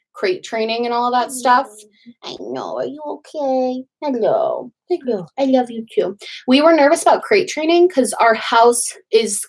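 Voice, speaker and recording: A young woman hosting a casual livestream from home, bubbly and gushing as she greets viewers and chats with lots of fillers. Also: fairly high pitch. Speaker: livestream host.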